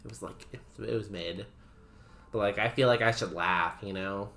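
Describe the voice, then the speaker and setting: Chatty young man with a bright voice. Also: fairly low pitch, moderate pace. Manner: laughs often, chatty, says "like" a lot. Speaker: streamer. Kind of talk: casual chat while playing a game.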